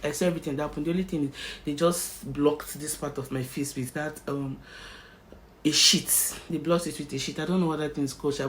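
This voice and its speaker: A young Nigerian woman with a Nigerian accent, telling a personal story in an animated storytime vlog and slipping into Pidgin. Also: sits low, slight background noise. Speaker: vlogger.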